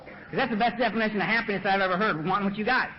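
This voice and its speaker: A man speaking at a recovery meeting, telling his own story with humor, loose and animated, full of "you know" and "man", laughing at himself, on a podium mic in a dull lo-fi recording. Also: high voice, rapid-fire, slight background noise. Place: meeting room at the front.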